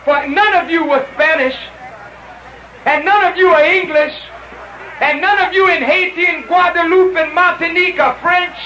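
A minister giving a fiery speech to an outdoor rally, with impassioned, repeated calls that often break into shouting. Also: male voice, very high-pitched, normal speed, slight background noise. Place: outdoor rally through loudspeakers. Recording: echoey lo-fi 1970s rally recording.

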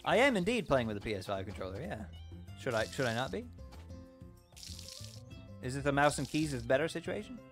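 Excitable Canadian man streaming a game. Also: mid-range voice, fairly quick, pauses often, soft background music. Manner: excitable, bursts into shouts, apologetic. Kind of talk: casual live-stream chat. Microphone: desk mic.

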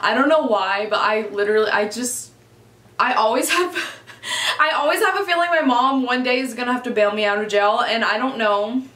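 Young woman in her twenties, high voice, chatty storyteller who swears a lot; echoey room. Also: normal speed, fairly bright tone. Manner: chatty, swears often, says "like" constantly. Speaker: vlogger. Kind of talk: casual storytime.

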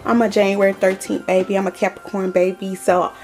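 A woman in her thirties chatting casually to her viewers at home in a talking haul vlog, animated and addressing them as y'all. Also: mid-range voice, fairly quick, faint music behind. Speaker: vlogger.

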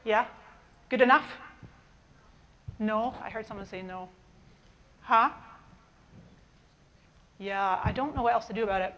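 A woman's voice: medium pitch, unhurried, pauses often, fairly bright tone, dull audio. A middle-aged woman with a mixed Canadian and Scottish accent gives an enthusiastic, chatty keynote talk in a large conference hall on a lapel mic. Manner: enthusiastic, chatty, talks to the crowd.

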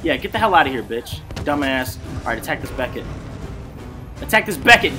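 A man streaming an online game, giving excited, profane play-by-play commentary and trash-talking the enemy team from his desk mic. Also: medium pitch, normal speed, faint music behind. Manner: trash-talking, profane, hyped, swings between mutters and shouts. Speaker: gameplay streamer. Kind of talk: excited live gameplay commentary. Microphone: desk mic at a gaming setup.

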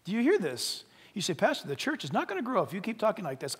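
A man pastor preaching a sermon in church, asking the congregation questions and swinging between loud emphatic lines and quiet asides. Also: very high voice, huge pitch swings, a little fast, big-room sound. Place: church sanctuary.

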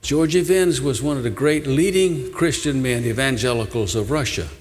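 In a large church sanctuary, an older man preaching as pastor tells a story earnestly and pleads with his listeners. His mid-range voice moves at a normal speed, and long church-hall reverb fills the recording.

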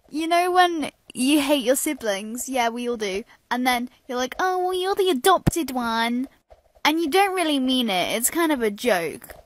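A woman tells a sassy, chatty storytime in a high voice. Her pitch swoops up and down as she talks. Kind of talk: storytime narration.

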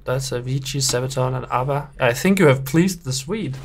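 A man's voice: mid-range voice, fairly quick, a little hiss or hum. A young man, a game developer judging player builds in casual, playful gameplay commentary full of teasing banter. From Denmark.

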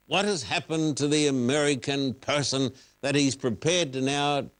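A man's voice: mid-range voice, moderate pace. A man, a pastor, hosting a broadcast religious interview and pressing his guest with earnest, probing questions in a preacher's emphatic manner.

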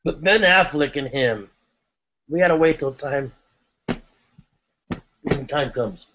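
A man co-hosting a casual livestream, jokey and quick to break into impressions. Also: a little high, animated, fairly bright tone. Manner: jokey, bursts into impressions and song. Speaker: livestream co-host. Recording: dull lo-fi stream audio.

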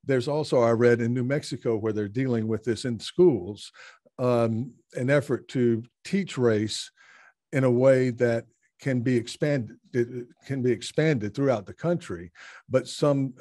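A male podcast host muses aloud in an interview, pausing often to find his words. His voice sits at an ordinary pitch, and it is recorded dry with no room around it. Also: warm tone, dry recording. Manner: hesitant, many uh fillers, thoughtful. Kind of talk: conversational interview. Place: Tokyo.

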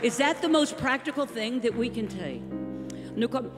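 A woman's voice: a little high, expressive, a little slow. Woman preacher in an echoing hall. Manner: emphatic, rhythmic preaching that swings from hushed to shouting. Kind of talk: sermon. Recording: live hall recording with long reverb and music.

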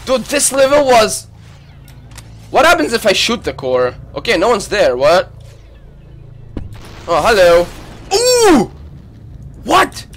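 A man streaming live gameplay, reacting with loud excited exclamations and swearing. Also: high-pitched, slow pace, pauses often. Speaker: gaming streamer.

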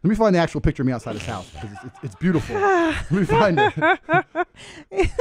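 A man from England telling a story on a podcast, boastful and animated, laughing often. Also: fairly high pitch, racing. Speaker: guest.

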